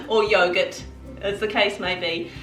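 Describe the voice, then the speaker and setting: A middle-aged Englishwoman whose accent has taken on a New Zealand edge talks through a recipe in a chatty, down-to-earth way. She sits back from the mic in a roomy kitchen. Soft music plays faintly under her voice. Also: fairly low pitch, recorded from a distance. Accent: English with some New Zealand influence. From England. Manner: chatty, homely, practical. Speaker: cooking channel host. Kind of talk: casual cooking tutorial.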